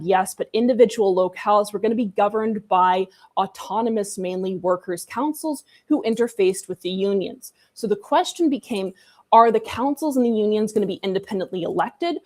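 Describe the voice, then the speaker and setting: A woman's voice: mid-range voice, darkish tone. A woman co-hosting a casual history discussion, chatty and irreverent, with sarcastic asides. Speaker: co-host.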